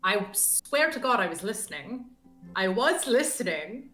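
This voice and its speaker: A woman's voice: medium pitch, big pitch swings, unhurried, pushed and bright, faint music behind. A woman playing in a tabletop game, rambling, self-deprecating and stumbling over her words. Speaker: player. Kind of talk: casual tabletop game play.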